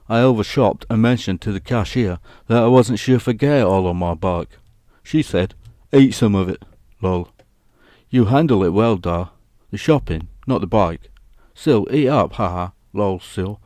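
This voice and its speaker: A man's voice: on the low side, a little mellow, dry recording, studio quality. A man chatting casually on a live stream, reading out comments and joking at his own expense. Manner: jokey, laughs at his own attempts at accents.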